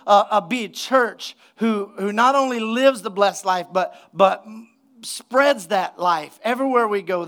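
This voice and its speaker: A male pastor with a notably high voice preaching to his church congregation. He is energetic and conversational, breaking from scripture reading to joke and to ask the room for an amen. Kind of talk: sermon. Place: church sanctuary.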